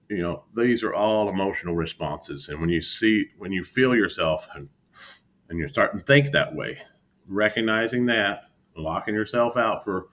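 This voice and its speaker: A man's voice: fairly low pitch, moderate pace, a bit bright. A man talking candidly about his trading setbacks in an earnest, self-critical vlog monologue from home. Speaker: futures day trader vlogger. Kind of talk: candid reflective monologue to camera. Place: home room with an exercise bike.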